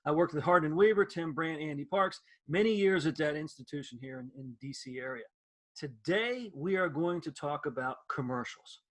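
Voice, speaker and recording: Husky middle-aged man telling stories. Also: fairly high pitch, moderate pace. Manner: animated storyteller who acts out quoted voices. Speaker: co-host, former radio producer. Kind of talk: nostalgic casual chat.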